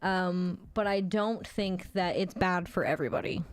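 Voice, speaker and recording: A woman's voice: fairly low pitch, fairly even intonation, normal speed, dry recording. A woman in her thirties livestreaming, chatting casually with viewers and reading their messages, blunt and swearing freely with frequent laughs.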